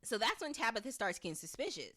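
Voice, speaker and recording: Talking fast in a fairly high voice, a woman runs through a podcast episode recap. Her delivery is casual and lively, full of restarts as she thinks aloud, and she voices the characters' lines herself.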